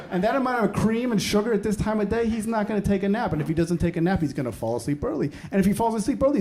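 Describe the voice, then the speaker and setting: A middle-aged man doing a stand-up routine about parenting, ranting in an exasperated way and breaking into shouted outbursts. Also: high-pitched. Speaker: stand-up comedian. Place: comedy stage before a laughing audience. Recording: live stage set with loud audience noise.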